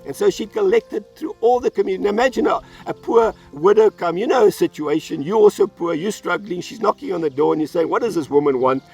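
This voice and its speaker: A man's voice: high voice, fast, creaky, few pauses, a little mellow, breathy edge, far from the mic, soft background music. A man pastor delivering an earnest sermon, telling a Bible story and acting out its voices. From South Africa.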